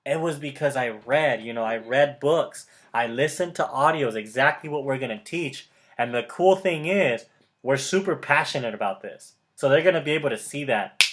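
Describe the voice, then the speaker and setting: A man's voice: medium pitch, animated, normal speed, a bit bright. A man in casual motivational coaching chat, enthusiastic and emphatic, repeating key words, laughing often and calling the listener brother or bro. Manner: laughs often mid-sentence. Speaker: motivational mentor.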